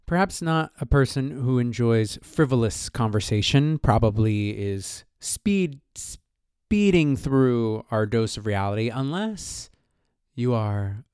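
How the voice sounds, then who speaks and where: A man co-hosts a casual podcast, joking and laughing often. His pitch moves a lot, and there is gravel in his voice. The sound is dry and close. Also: animated, takes it slowly, a little mellow, dry recording. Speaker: podcast co-host. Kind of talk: casual chat about astrology.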